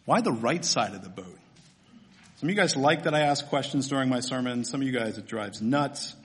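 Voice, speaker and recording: Delivering his sermon in a mid-range voice, this pastor is animated and fairly quick. He's funny and conversational in the church, often turning questions toward the congregation.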